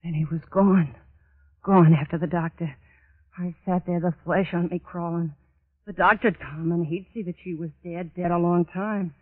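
A woman's voice: on the low side, steady tone, moderate pace, close to an everyday voice. An actress playing a haunted, unhinged woman who confesses a murder, feverish and repeating herself in 1940s radio acting style. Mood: dread. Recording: tinny old radio broadcast.

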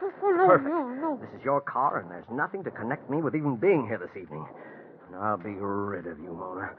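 A man's voice: mid-range voice, lightly acted. An actor playing a cold, scheming man who plans to murder his fiancee, in an old-time radio drama, with a sneering and impatient manner. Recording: lo-fi phone-like old radio recording with hiss.

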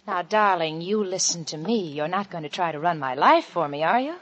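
A woman's voice: on the low side, expressive, brisk, a bit bright, muffled recording. An actress playing an evasive young newlywed wife who brushes off her husband breezily, in 1940s radio acting. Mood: coaxing. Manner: breezy, dismissive, coaxing.

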